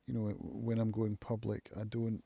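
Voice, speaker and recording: A man hosting his own live stream from home, thinking aloud in a reflective, musing way with frequent pauses. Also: on the low side, completely flat delivery, creaky, warm tone, slightly rough. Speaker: channel host, recovering alcoholic. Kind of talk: casual live-stream monologue.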